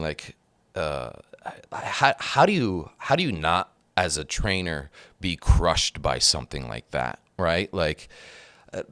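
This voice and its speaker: A man's voice: deep voice, fairly bright tone, clear, resonant tone, no room sound. A man hosting a podcast, a trainer talking casually with lots of fillers and restarts. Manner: rambling, many fillers and restarts. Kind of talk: casual conversation.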